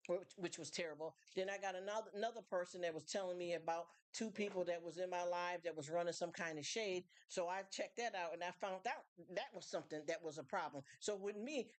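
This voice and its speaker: A middle-aged woman hosting a live stream, talking candidly and emphatically to her chat. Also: lowish voice.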